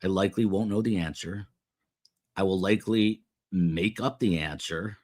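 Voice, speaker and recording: A man's voice: low voice, moderate pace, darkish tone. A middle-aged man hosting a live stream, reading chat comments aloud in a rambling, self-deprecating way with many fillers.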